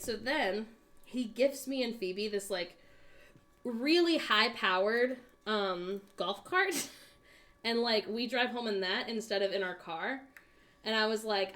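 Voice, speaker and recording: A young woman from the United States chats casually while crafting on a stream. She rambles through a long, silly story, stopping often for fillers and small laughs. Her pitch sits in an ordinary middle range. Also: moderate pace, fairly bright tone. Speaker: co-host.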